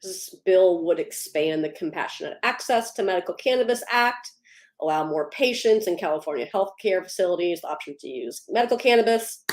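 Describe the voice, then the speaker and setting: A woman's voice: lowish voice, lively intonation, fairly quick, echoey room. A woman hosting a casual livestream, upbeat, greeting viewers by name and laughing easily between policy updates. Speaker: livestream host.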